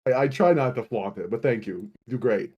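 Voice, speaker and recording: A man's voice: mid-range voice, animated, a little fast, husky, dull audio. Playful man joking at a game table. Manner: playful, jokey. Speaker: player. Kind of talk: casual tabletop play.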